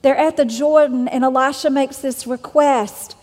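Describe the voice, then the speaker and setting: A woman's voice: high voice, fairly even intonation, moderate pace, a little mellow, in a large hall. A woman preacher delivering a sermon with an emphatic, repetitive cadence.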